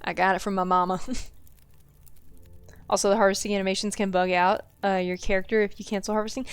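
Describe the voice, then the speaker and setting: A woman's voice: mid-range voice, level tone, quick pace, pauses often, clear, resonant tone, no echo, soft background music. A woman from the Southern US, with a faint Southern accent, chatting casually with viewers while streaming a game, giggling and saying "like" a lot. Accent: Southern US, mostly suppressed. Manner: chatty, giggly, answers chat, many "like" fillers. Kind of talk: casual gameplay chat with viewers.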